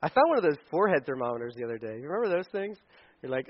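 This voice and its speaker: A pastor gives a casual, joking sermon to parents, acting out little scenes in funny voices. His voice is on the high side, with big pitch swings and a very fast pace. The recording has a dull lo-fi sound.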